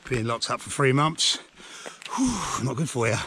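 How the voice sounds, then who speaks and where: Walking guide, middle-aged, relaxed trail directions with deadpan jokes, outdoors. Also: male voice, medium pitch, normal speed, noisy background. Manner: gives route directions, dry jokes; talking while hiking. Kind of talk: casual walking vlog narration. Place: outdoors on woodland lanes and hills.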